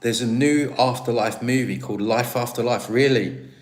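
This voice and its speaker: A British man talks loosely to his livestream audience, answering viewer comments as they come in. His voice sits at a middle pitch. He rambles and restarts his sentences, and he is quick to make fun of himself. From Britain. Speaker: livestream host. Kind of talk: casual live-stream chat, reading viewer comments.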